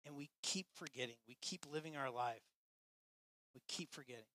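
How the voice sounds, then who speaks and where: A man preaching a sermon to his church with passion, swinging between loud, emphatic lines and quiet, hushed ones. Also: medium pitch, normal speed, no room sound. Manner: impassioned, swinging from loud to soft. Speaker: pastor.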